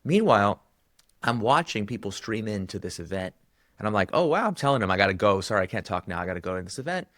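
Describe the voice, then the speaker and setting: A man, a guest author, telling a story in conversation and acting out the quoted dialogue with lively jumps in pitch. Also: fast talker, dry recording, studio quality.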